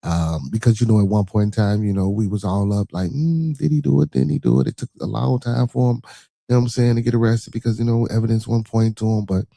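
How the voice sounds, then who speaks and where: A man, hosting a casual livestream podcast in a laid-back, rambling way, repeating phrases and giving shout-outs. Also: fairly low pitch, flat delivery, fast, gravelly, no echo. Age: 20s. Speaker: podcast host.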